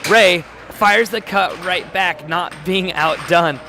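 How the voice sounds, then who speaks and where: A man doing live-stream sports commentary, calling plays in quick bursts and reading chat aloud with jokes. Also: high-pitched, pushed and bright, soft background music. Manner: rapid play-calling, reads chat aloud, jokey. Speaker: play-by-play commentator. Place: home studio.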